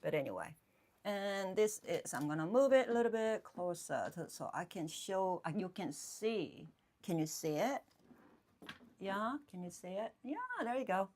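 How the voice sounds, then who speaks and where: A woman painter chatting casually on a live stream from her home painting room, thinking aloud in halting phrases and often checking in with her viewers. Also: mid-range voice, lively intonation, a little mellow. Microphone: phone streaming live.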